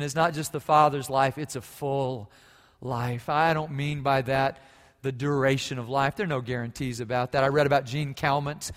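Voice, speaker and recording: Fervent preacher in a reverberant hall. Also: male voice, mid-range voice. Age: 40s. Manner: swings from hushed storytelling to loud fervent preaching. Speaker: pastor. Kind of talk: sermon. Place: church sanctuary. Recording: long reverb of a large church hall.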